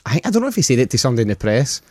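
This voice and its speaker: A man's voice: medium pitch, sing-song, racing, darkish tone, no echo. A man with a Scottish accent, a podcast guest in casual chat, telling blunt, sweary stories.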